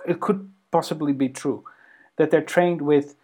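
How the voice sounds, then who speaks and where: A man co-hosting a podcast in casual conversation, animated and halting, with many ums and restarts. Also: on the high side. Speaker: podcast co-host.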